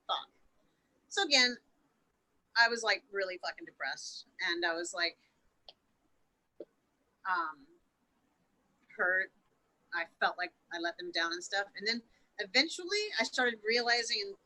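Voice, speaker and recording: A woman's voice: medium pitch, sharp tone, rough recording. A woman guest on a podcast telling a painful story in an emotional, unfiltered way, swearing freely and often stumbling and restarting her sentences. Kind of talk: candid storytelling interview.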